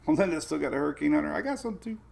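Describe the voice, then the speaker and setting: A man's voice: on the high side, expressive, rapid-fire, creaky, darkish tone. A man hosting a casual weather livestream, chatting in a laid-back way, chuckling often and answering viewer comments. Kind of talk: casual live-stream chat.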